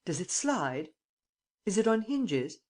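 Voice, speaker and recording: A woman reading an audiobook, voicing a suave, teasing male gentleman thief who gives brisk commands. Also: mid-range voice, very animated, pitched above the performer's own voice. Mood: triumphant.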